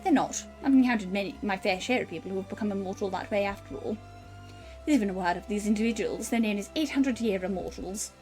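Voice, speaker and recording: A woman's voice: medium pitch, a little mellow, soft background music, close to an everyday voice, poor audio. A woman voicing a posh, composed female storyteller, reading game dialogue aloud. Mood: knowing. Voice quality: posh, measured.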